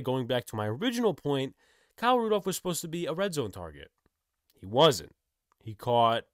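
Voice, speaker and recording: A man's voice: medium pitch, no echo, studio quality. A man giving a casual opinion monologue on football, opinionated and exasperated, asking rhetorical questions. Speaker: sports commentator. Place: indoors, on camera.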